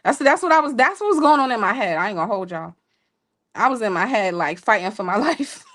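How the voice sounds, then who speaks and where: A woman co-hosting a show, telling a story in a casual, playful way with laughing asides to listeners. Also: fast. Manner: animated, jumps high when quoting people. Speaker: podcast co-host telling a story.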